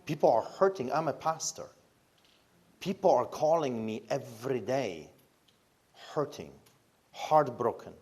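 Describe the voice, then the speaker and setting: A man's voice: mid-range voice, animated, measured pace, pauses often, darkish tone, husky. A man with a Polish accent, a pastor, telling his story in an interview with emphatic, fiery delivery and pointed rhetorical questions. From Poland.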